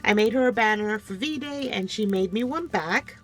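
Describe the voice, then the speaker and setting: Gushing woman crafter, low on energy. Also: normal speed. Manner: gushing, keeps addressing viewers as "you guys". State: low energy, coming down with a cold. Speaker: crafting channel host. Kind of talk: casual show-and-tell unboxing. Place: home craft desk.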